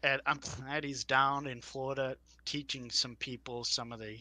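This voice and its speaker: Young dude cohosting a podcast, super bright voice, hyped and swearing a lot. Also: male voice, medium pitch, normal speed, dry recording. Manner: excited, swearing, laughing. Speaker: podcast co-host. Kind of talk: casual podcast chat.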